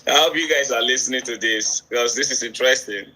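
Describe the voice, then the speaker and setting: A man in a casual livestream conversation, speaking hesitantly and in halting phrases. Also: mid-range voice, pushed and bright, slight background noise, poor audio. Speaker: livestream guest.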